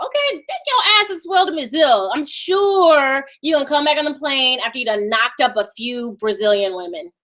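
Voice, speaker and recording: A woman's voice: high voice, fairly bright tone. A woman hosting a live stream in a casual, sassy way, with a Valley Girl voice and mocking asides.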